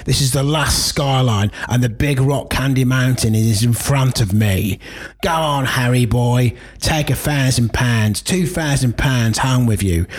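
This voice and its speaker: A man's voice: mid-range voice, husky, natural voice. A man reading a novel aloud in a Cockney accent as a tense, obsessive gambler.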